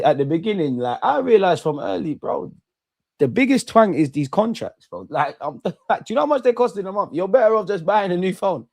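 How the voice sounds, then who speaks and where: A young man from England in his twenties, chatting casually on a live stream, slangy and animated, repeating himself and swearing freely. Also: sits high, a little fast, no room sound, clean studio sound. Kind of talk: casual live-stream chat reading viewer comments.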